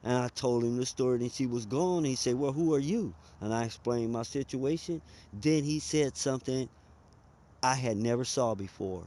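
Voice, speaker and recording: A man's voice: medium pitch, a little mellow. A man, telling a personal story in a conversational, emphatic way. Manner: conversational, emphatic, drawls and speeds up.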